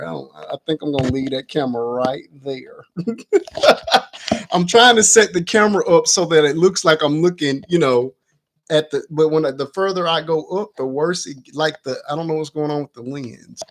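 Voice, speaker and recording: A man's voice: on the high side, normal speed. Chatty man hosting a home livestream. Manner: chatty, muttering to himself while adjusting camera. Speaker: livestream host. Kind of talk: casual livestream chat. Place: at home, indoors.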